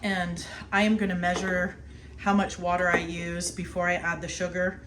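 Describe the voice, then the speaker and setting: A woman's voice: fairly low pitch, flat delivery, moderate pace, background noise. A middle-aged woman casually walking through a kitchen task in her home kitchen, chatty and laughing often as she works. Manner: chatty, laughs often, talks while snacking. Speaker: homestead vlogger. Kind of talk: casual cooking demonstration.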